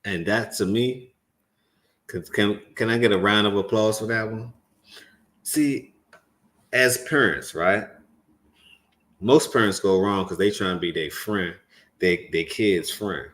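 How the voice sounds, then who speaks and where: Guy ranting on his commentary show, kinda low voice, preachy, english not his first language. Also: slow, long pauses. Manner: animated, preachy, talks to viewers directly. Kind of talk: reaction commentary to a clip.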